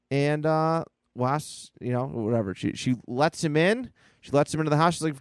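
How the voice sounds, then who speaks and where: A man's voice: medium pitch, normal speed, smooth, no room sound. A man co-hosting a casual podcast, enthusiastically retelling an old comic book aloud. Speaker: podcast co-host. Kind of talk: casual chat.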